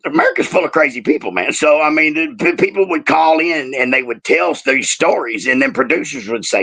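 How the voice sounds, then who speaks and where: A middle-aged man telling stories in casual chat on a remote call, animated and profane, with loud laughs. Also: fairly high pitch, fairly quick, vocal fry, hardly any pauses. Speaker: guest, former wrestler.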